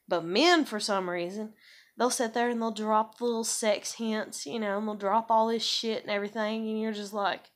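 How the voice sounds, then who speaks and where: Speaking at a medium pitch and normal speed, this female vlogger rambles profanely in a casual video. Fillers like "like" and "you know" crop up constantly.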